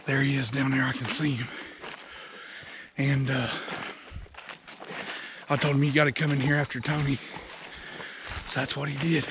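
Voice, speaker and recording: A young man talking as he walks outdoors in a hunting vlog, in a steady, matter-of-fact way. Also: medium pitch, normal speed, long pauses. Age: young adult. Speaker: hunter. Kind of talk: walk-and-talk hunting vlog. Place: outdoors in the woods. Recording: outdoor recording with clear background noise.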